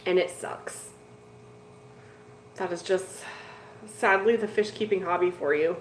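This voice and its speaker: In an echoey room with faint background noise, a woman with a fairly low, unhurried voice hosts a laid-back fish-keeping live stream from a home room packed with tanks. She rambles and chats to her viewers, dropping "like" and "dude" constantly.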